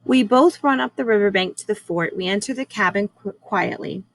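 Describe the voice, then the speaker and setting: A woman teacher reading a novel aloud at a measured, unhurried pace, with occasional small slips. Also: mid-range voice, rough recording. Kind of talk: read-aloud chapter book narration.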